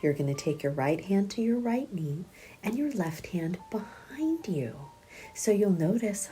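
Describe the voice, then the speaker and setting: A middle-aged woman teaching a prenatal yoga class, speaking gently and softly, often half-whispered, and counting breaths aloud. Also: mid-range voice, lively intonation, unhurried, faint music behind. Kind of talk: guided yoga class instruction.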